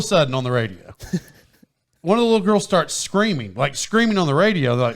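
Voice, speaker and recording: A man hosting a podcast, telling a story in casual chat, rambling and animated, often laughing and restarting his sentences. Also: on the high side, a little fast. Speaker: podcast host. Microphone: microphone with foam windscreen.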